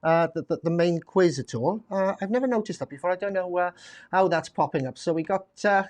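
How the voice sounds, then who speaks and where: A man's voice: high-pitched, fairly quick. A man hosting a live online quiz stream, chatting casually and rambling with lots of fillers and restarts. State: slightly out of breath. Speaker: quiz show host. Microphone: desk mic at a computer.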